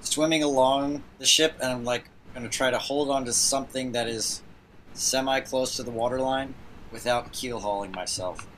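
A man's voice: medium pitch, steady tone, normal speed, a bit bright, a little hiss or hum, low-quality recording. A man playing a tabletop game, explaining his moves casually. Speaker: player.

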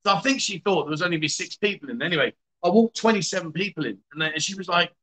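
A man's voice: high-pitched, fast, few pauses, pushed and bright, low-quality recording. A man hosting a casual livestream, hungover, greeting viewers by name in a chatty, self-mocking way. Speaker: livestream host.

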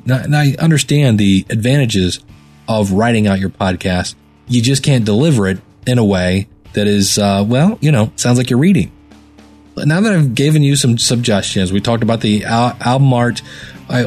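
A man hosts a podcast review show and talks through his critique in an easy, unscripted way. He puts stress on certain words and fills gaps with "uh." A faint guitar plays quietly under his voice. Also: medium pitch. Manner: conversational, with filler words and deliberate word stress. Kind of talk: casual spoken critique.

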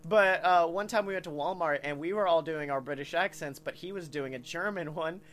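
A man's voice: fairly high pitch, fairly quick. A man co-hosting a casual podcast, telling stories with lots of swearing and laughter. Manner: animated storyteller, swearing, laughing often. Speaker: podcast co-host.

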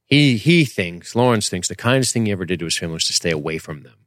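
Male podcast co-host, lowish voice, dry close sound, casual and profane. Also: expressive, fast talker, no echo. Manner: joking, profane, acts out quotes from the show. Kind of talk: casual recap chat.

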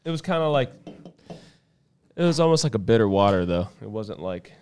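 A man's voice: fairly low pitch, very animated, brisk, a little mellow, slight background noise. A man co-hosting a podcast in laid-back casual chat, goofy and playful. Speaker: podcast co-host.

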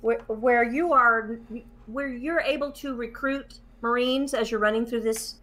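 A woman chatting casually, retelling a story with lively acted-out quotes. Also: fairly high pitch, unhurried. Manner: lively retelling, acts out quoted whispers and shushing.

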